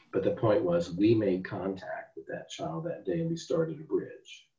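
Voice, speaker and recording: Lower-voiced man teaching in a roomy space. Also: moderate pace, dark tone. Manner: conversational, acts out client dialogue. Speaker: therapy teacher. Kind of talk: teaching a class. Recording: roomy, dull lo-fi sound.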